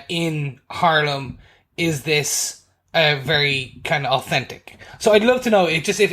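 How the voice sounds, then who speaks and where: A man with a fairly high voice asks questions in a casual podcast chat. He is curious and playful, and he sometimes mimics for fun. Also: sharp tone. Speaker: podcast co-host.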